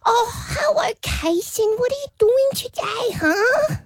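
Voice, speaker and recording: A woman doing a squeaky nervous little dog. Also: lively intonation, unhurried, dry recording, studio quality, heavily acted. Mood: excited. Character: small nervous sweet male dog.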